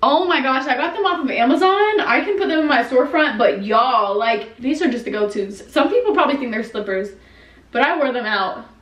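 A young woman chatting casually to the camera in an animated vlog at home, often talking to herself. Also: fairly high pitch, a little fast. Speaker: vlogger. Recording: echoey room, camera at a distance.

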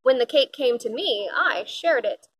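A woman's voice: high voice, lively intonation, unhurried, a bit bright, husky, no room sound, full character voice, rough recording. A woman voicing a proud, pompous male elephant in a storybook, grand and self-important.

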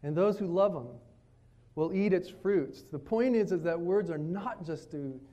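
Male pastor, slightly high-pitched, animated sermon delivery with family anecdotes. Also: a little slow, muffled recording. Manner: storytelling preacher, animated, quotes his kids. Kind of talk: sermon at a retreat. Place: retreat meeting room.

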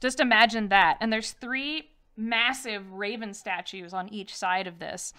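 A woman's voice: medium pitch, unhurried, pushed and bright, smooth. A woman narrating as dungeon master in a rambling way, full of fillers. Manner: rambling, filler-heavy, laughs often. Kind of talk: narrating a tabletop game.

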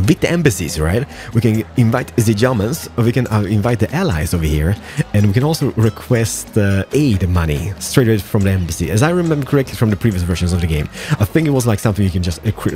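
A man hosting a gameplay video, commentating casually in a playful, excitable way with jokey asides. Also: on the low side.

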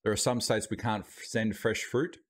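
A man with an Australian accent chats casually on a live stream, his voice sitting a little low. He keeps talking through mouthfuls of food, loose and unscripted, into a streaming mic with a noise gate. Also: steady tone, moderate pace. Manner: chatty, talking while eating.

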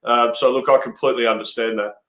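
An Australian man, a cricket coach, talking as a guest in a casual interview and telling stories in a halting way with many restarts. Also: medium pitch, fairly even intonation, fairly bright tone. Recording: roomy echo.

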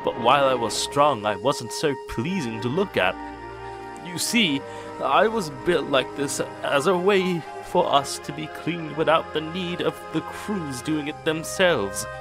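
A man voicing Neville, a shy, timid goods engine who speaks quietly and sadly. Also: fairly high pitch, animated, measured pace, over music, pitched above the performer's own voice. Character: shy, sad awkward-looking male goods engine.

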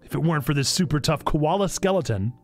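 A man's voice: fairly high pitch, expressive, quick pace, soft background music. A man voicing a tough, wounded male koala warrior who talks back weakly but defiantly. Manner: weak, defiant.

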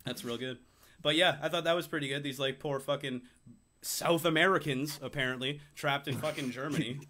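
A man's voice: on the high side, steady tone, brisk, bright, forceful tone, a little hiss or hum. A young man hosting a casual podcast, sarcastic, swearing a lot and playing mock-arrogant. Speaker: podcast host. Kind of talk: casual profane banter.

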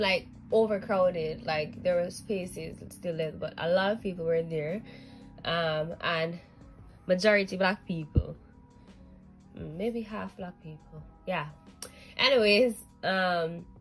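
A woman's voice: mid-range voice, rough recording. A woman chatting casually to her camera in a vlog, rambling and laughing easily. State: sick, getting better. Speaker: vlogger. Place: in Japan, various places.

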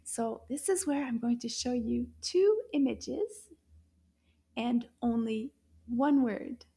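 High, slow-talking woman teaching kids. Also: creaky. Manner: animated, exaggerated gasps and wows for kids; asks the listener to repeat after her. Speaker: children's French teacher. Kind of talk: children's language lesson.

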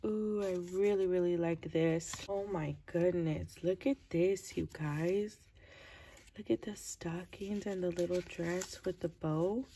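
A woman chatting casually as she opens craft mail, gushing over each piece and keeping her voice low early in the morning. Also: steady tone, takes it slowly, mellow, slight background noise. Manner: gushing, keeps low to avoid waking her child. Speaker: crafting vlogger opening mail. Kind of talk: casual unboxing chat.

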